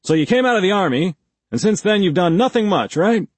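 A male audiobook narrator voicing a pushy police interrogator who badgers with rapid-fire leading questions. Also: sits high, expressive, no echo, voice pushed up. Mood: badgering. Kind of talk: audiobook character voice.

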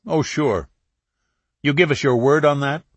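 A guarded young man, sharp and curt with strangers, as a male narrator plays him. The voice sits higher and harder than the reader's own low tone, recorded close and dry. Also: unhurried, husky, no room sound, lo-fi sound. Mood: hostile. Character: young male medical student, suspicious and defensive.

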